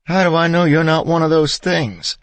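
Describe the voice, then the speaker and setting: A woman's voice: sits low, moderate pace, no room sound, pitched above the performer's own voice. A man voicing a panicked young mother who shrieks in terror while guarding her baby, in an audiobook. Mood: shrieking terror.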